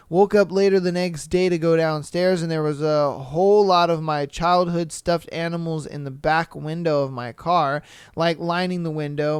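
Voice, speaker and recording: A man's voice: a little high, clean tone, no echo, studio quality. A man hosting a podcast, reading listener stories aloud and reacting in a laid-back, chatty way with crude jokes. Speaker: podcast host.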